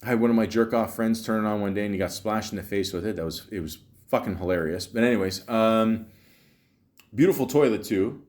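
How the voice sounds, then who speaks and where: A man's voice: fairly low pitch, fairly quick, a little mellow. A man hosting a podcast, telling a rambling, crude, jokey story in a casual monologue full of swearing and restarts. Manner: profane, rambling, jokey, many fillers and restarts. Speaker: podcast host.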